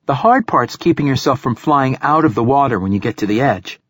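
A man putting on a spirited young girl in a storybook reading, her voice lifted well above his own and a little husky. Through chattering teeth she stammers her words. The recording is close and dry. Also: mid-range voice, animated, a little fast, a bit bright, dry recording, voice pushed up. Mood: lively.

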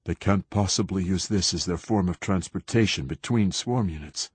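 A man's voice: low-pitched, moderate pace, a little mellow, slightly rough, dry recording. A man voicing a nervous male scientist who speaks in a shaky, frightened voice. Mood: shaken. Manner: shaky, fearful.

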